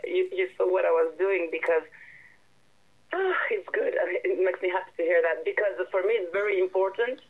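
A woman's voice: fairly low pitch, slightly rough. Woman filmmaker, tinny phone line, keeps restarting and hunting for words. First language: French. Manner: halting, searching for English words, many restarts. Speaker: filmmaker and director. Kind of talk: interview answers.

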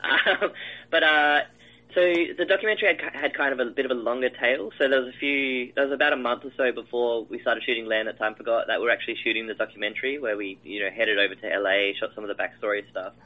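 A man's voice: medium pitch, fast, bright, forceful tone, low-quality recording. A man, a film director, describing his shoot in a casual interview, rambling with many fillers and restarts.

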